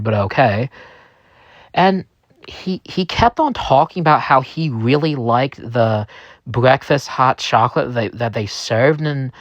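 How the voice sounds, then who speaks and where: A man's voice: medium pitch, dry recording, muffled recording. A man telling a first-person story in character, rambling with many restarts and fillers.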